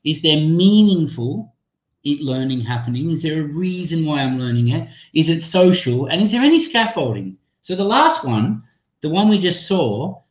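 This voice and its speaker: Male webinar presenter, slightly high voice, casual and chatty, roomy echo on a computer mic. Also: big pitch swings, moderate pace. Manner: chatty, apologetic, thinking aloud while demoing an app. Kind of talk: live online teacher-training webinar. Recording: echoey room sound.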